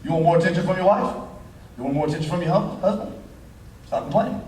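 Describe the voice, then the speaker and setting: A man preaching a sermon as the pastor, in a folksy, animated style sprinkled with dialect. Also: a little high, quick pace, slight background noise. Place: church sanctuary. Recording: echoey church hall from far off.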